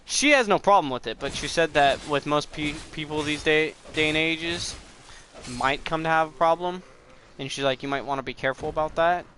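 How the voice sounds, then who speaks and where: Bright-voiced young man swearing through gameplay. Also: fairly high pitch, moderate pace, slight background noise. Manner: rambling, swears at the game, breaks into frustrated outbursts. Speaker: gameplay commentator. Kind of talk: casual let's play commentary.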